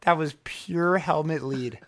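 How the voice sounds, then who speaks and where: A man co-hosting a podcast in casual chat, loud and passionate, rambling with many restarts. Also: a little high, slow pace. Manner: loud, self-described passionate talker. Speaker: podcast co-host and coach.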